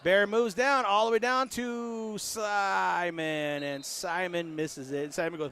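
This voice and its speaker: High-voiced man calling a basketball game. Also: steady tone, slow pace, pushed and bright, slight background noise. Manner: joking, voices the players' imagined words. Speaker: play-by-play announcer. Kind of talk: casual sports commentary.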